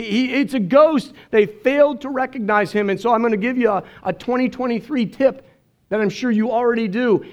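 A man preaching a sermon as pastor, earnest and emotional, telling stories and quoting others. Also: very high voice. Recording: dull lo-fi sermon recording.

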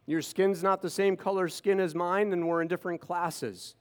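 A man's voice: high-pitched, steady tone, normal speed, hardly any pauses, clean tone. A man in his fifties telling personal stories to an audience, with sarcastic asides. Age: 50s. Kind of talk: storytelling talk to an audience.

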